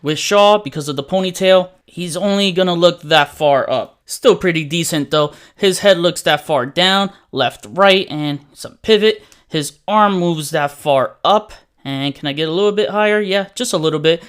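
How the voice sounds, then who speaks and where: A man's voice: on the high side, moderate pace, fairly bright tone, clear, resonant tone. A man reviewing action figures in a chatty, enthusiastic way. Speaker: toy reviewer. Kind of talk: casual toy review.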